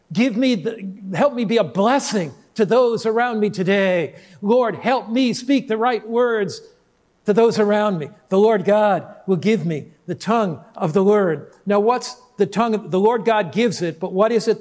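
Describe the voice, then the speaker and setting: A man's voice: high voice, a little mellow. A middle-aged male pastor preaching a sermon, asking the congregation question after question and acting out people in his stories. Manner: asks the congregation rapid rhetorical questions; voices quoted people in a story.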